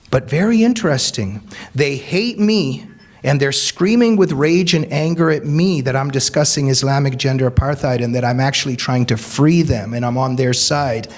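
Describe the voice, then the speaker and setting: A man, an author, giving an earnest, emphatic speech to a live audience, telling anecdotes. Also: a little high. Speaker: author and speaker.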